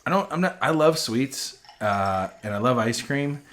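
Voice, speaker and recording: A man's voice: mid-range voice, lively intonation, normal speed, a bit bright. A man co-hosting a podcast, chatting casually and rambling in a self-deprecating way. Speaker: podcast co-host. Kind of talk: casual chat.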